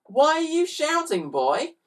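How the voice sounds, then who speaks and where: A man's voice: very high voice, wildly swooping pitch, unhurried, fairly bright tone, pitched above the performer's own voice, full character voice. A man voicing a pompous middle-aged toyshop owner who shrieks indignantly, recorded on a slightly distant mic.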